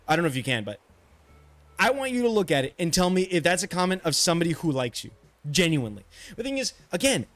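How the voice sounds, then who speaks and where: Frustrated man venting, fairly high voice. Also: no echo. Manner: frustrated venting, rambling with many restarts; swears freely. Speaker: game streamer. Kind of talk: casual chat while streaming.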